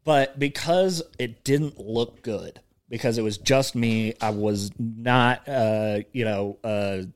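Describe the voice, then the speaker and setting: A young man co-hosts a podcast, rambling through casual chat, laughing often, and acting out movie lines. His voice is medium in pitch, slow, and smooth.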